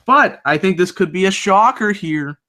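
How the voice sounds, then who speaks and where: A man's voice: sits high, lively intonation, moderate pace, sharp tone. A young man co-hosting a casual sports chat over a video call, upbeat as he talks through his picks. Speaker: co-host making bracket picks.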